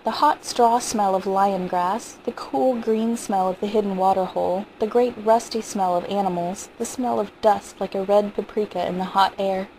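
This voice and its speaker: A woman reading a short story aloud in a steady, vivid narrating manner. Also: mid-range voice, moderate pace, hardly any pauses, slight background noise, poor audio. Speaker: audiobook reader.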